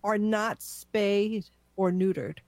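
A woman's voice: medium pitch, takes it slowly, darkish tone, no echo. A woman guest on a radio show, talking about animal causes in a friendly, conversational way with easy laughs. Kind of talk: casual radio chat.

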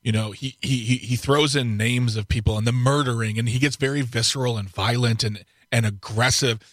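A male radio co-host with a middle-pitched voice, speaking wryly and haltingly with frequent repetitions. The recording is dry and close. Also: steady tone, no echo. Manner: wry, halting, repeats words. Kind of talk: casual political talk radio.

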